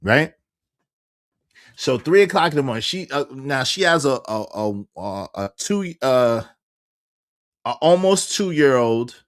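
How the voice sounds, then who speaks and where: A man's voice: medium pitch, slow pace, long pauses, no room sound, clean studio sound. A man, casually telling a personal story and acting out what others said, with many restarts. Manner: animated, acts out quoted dialogue, frequent restarts.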